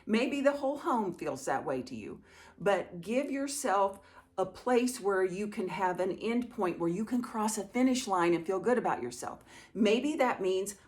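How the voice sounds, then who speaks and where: A middle-aged woman talks casually through viewer questions in a gentle, reassuring way. She sounds like the host of a home organizing channel, encouraging and chatty. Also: medium pitch, lively intonation, unhurried. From small town. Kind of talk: casual Q&A talk to camera.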